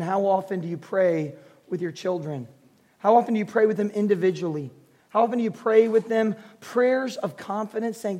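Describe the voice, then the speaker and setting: High-voiced man preaching with humor. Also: darkish tone. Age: 40s. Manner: humorous storytelling, earnest preaching. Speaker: pastor. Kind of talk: sermon.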